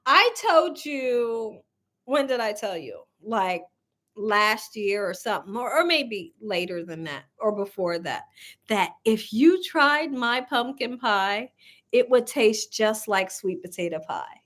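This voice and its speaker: On a casual cooking livestream, a woman with a somewhat high, slightly bright voice talks slowly and animatedly. She keeps up a chatty live chat, often laughing as she reads viewer comments aloud.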